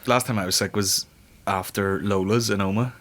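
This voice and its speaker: Low-voiced sweary man telling stories. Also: steady tone, normal speed. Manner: swears often, tells stories with loud acted-out reactions. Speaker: podcast host reading listener questions. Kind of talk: casual comedy podcast banter.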